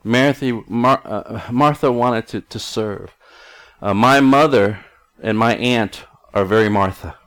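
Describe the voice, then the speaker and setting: A man's voice: lowish voice, takes it slowly, a bit bright. A middle-aged male pastor preaching a conversational sermon in an earnest tone, often restarting his sentences.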